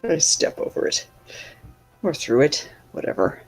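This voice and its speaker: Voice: medium pitch, very animated, unhurried, soft background music. A player at a tabletop game, laid-back and joking while taking a turn. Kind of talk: casual chat at a tabletop game.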